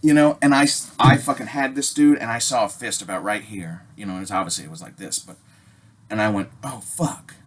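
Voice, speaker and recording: A middle-aged man from Alaska telling a story casually, swearing constantly and jumping loudly when he acts out what people said. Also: lowish voice, a little fast. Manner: animated, swears constantly, acts out quotes with loud jumps.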